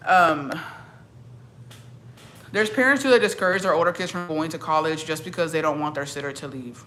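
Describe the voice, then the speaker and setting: A young Mexican-American streamer with a deep, slightly bright voice speaks at a normal speed but pauses often, with a little hiss or hum in the audio. She reacts bluntly and crudely to viewers, code-switching into Spanish.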